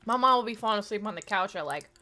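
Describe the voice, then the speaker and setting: A woman's voice: mid-range voice, expressive, racing, sharp tone, a little hiss or hum. A woman in her thirties chatting casually to her live-stream audience, rambling with plenty of fillers. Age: 30s.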